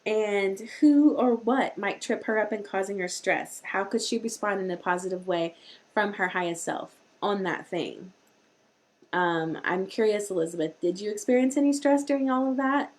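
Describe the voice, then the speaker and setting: A woman hosts a live-streamed parenting talk in a chatty, rambling way. She often restarts her sentences as she goes, and her voice sits at an ordinary middle pitch. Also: moderate pace. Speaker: host.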